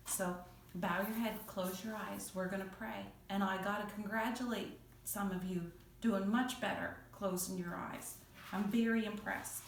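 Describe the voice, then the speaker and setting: A woman teaching children in church, telling a Bible story in a playful, expressive way, heard in an echoey room from some distance. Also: mid-range voice.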